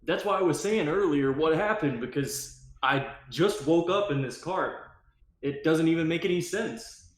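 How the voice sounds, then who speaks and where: A man's voice: on the high side, lively intonation, measured pace. Hesitant man player in an echoey room. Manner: hesitant, filler-heavy. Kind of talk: casual game talk.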